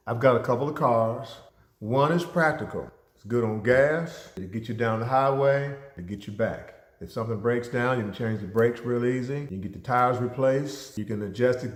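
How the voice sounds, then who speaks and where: A man giving a motivational talk, speaking emphatically and addressing listeners directly, with stories woven in. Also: medium pitch. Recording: echoey hall reverb.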